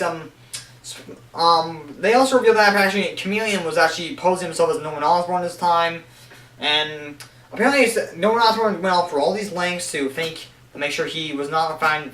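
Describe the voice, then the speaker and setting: A young man with a high-pitched voice gives a loose, rambling countdown, stumbling and restarting his sentences. He sounds off-mic in an echoey room. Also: a bit bright, recorded from a distance. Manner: rambling, many restarts and fillers. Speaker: show reviewer. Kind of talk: casual countdown commentary.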